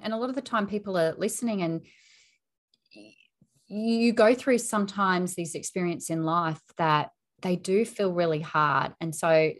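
A woman interviewer asking gentle, thoughtful questions. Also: lowish voice.

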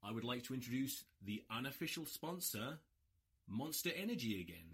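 A worn-out man hosts a solo podcast, cursing freely and mocking himself with dry sarcasm. His pitch leaps up and down as he rants, and his voice carries a husky edge. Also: fairly quick, some chatter behind. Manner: sweary, sarcastic, animated ranting. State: exhausted. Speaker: podcast host. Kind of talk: solo rugby podcast rant.

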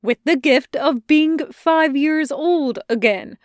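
A woman voicing a shy, nervous teenage boy who stammers and rushes his words on a phone call. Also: high voice, no room sound, clean studio sound, pitched above the performer's own voice.

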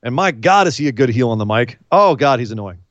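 A man co-hosting a casual wrestling recap, rambling and animated, often acting out what the wrestlers said. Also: mid-range voice, quick pace, no echo, dull audio. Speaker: wrestling podcast co-host.

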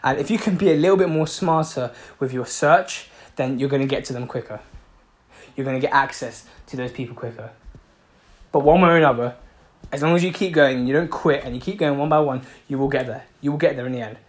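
A man's voice: mid-range voice, brisk. A man giving a passionate motivational talk, repeating himself for emphasis and swearing freely. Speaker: motivational speaker.

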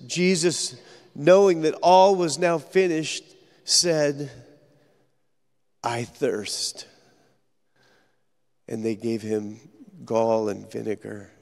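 Male pastor, slow deliberate sermon delivery, gravelly fry, long church reverb. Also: on the high side. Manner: earnest storytelling preacher, dramatic pauses. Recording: echoey hall reverb.

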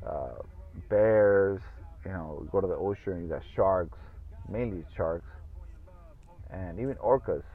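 With a low voice and an unhurried pace marked by long pauses, a man chats alone on his podcast. He drifts around, cusses freely, and fills his speech with fillers, heard through tinny phone-like audio.

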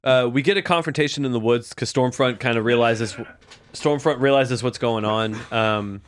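A man's voice: mid-range voice, normal speed. A man co-hosting a podcast, eagerly recapping scenes in casual chat and swearing freely. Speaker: podcast co-host.

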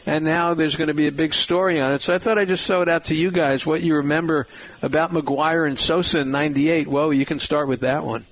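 A man's voice: on the high side, fairly quick. Upbeat male radio host. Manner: lively, upbeat, steering the talk. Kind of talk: casual radio chat.

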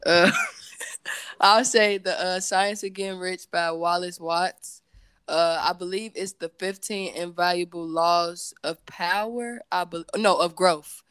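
Smooth-voiced woman chatting candidly. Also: lowish voice, fairly even intonation, takes it slowly, fairly bright tone, no room sound. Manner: rambling, loose and candid, with many fillers and self-corrections. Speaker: podcast guest, entrepreneur and singer. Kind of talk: casual chat.

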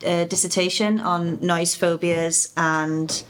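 A woman's voice: lowish voice, little pitch movement, takes it slowly, a little hiss or hum. A woman co-hosting as a dog trainer, explaining training methods thoughtfully and steering the questions. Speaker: dog trainer and podcast co-host. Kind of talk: casual chat.

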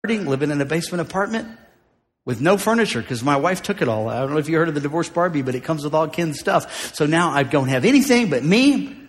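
A shouting high-voiced preacher in a big hall. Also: male voice, animated, fast. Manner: builds from joking asides to shouted declarations. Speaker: pastor. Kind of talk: preaching a sermon. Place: large church auditorium. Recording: live in a large hall with music behind.

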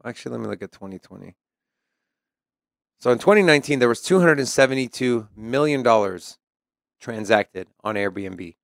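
A man's voice: medium pitch, animated, moderate pace, vocal fry, pauses often, dry recording, studio quality. A man co-hosting a casual podcast, reading news aloud and commenting in a chatty way. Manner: chatty, reads article quotes then comments. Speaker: podcast co-host.

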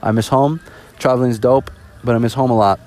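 A man's voice: medium pitch, steady tone, a little fast, a little mellow. A young man from the US East Coast, hosting a casual solo podcast, rambling and joking with lots of restarts. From East Coast of the United States. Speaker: podcast host.

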